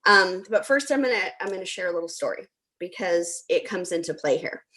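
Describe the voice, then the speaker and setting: A woman's voice: on the low side, animated, brisk, fairly bright tone. A middle-aged woman hosting a talk, telling a personal story in a chatty way with frequent ums. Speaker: host.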